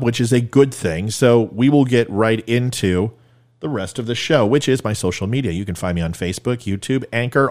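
A man hosting his own podcast, talking solo in a joking, sarcastic way with quick asides. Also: mid-range voice, a little mellow. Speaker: podcast host. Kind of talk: solo comedic podcast monologue.

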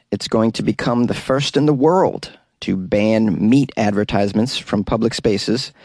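A man's voice: on the low side, dry recording. A man hosting a comedic news show, reading stories aloud and breaking off into jokey asides.

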